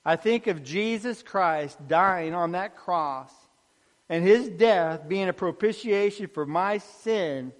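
A man preaching an earnest sermon, dropping soft on key phrases. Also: sits high, slow, big-room sound.

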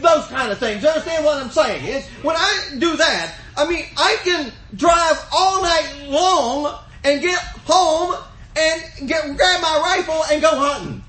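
Fervent folksy preacher, high voice. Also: male voice, a little slow, pushed and bright, roomy sound, rough recording. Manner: folksy storytelling, rising to fervent emphasis. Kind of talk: sermon.

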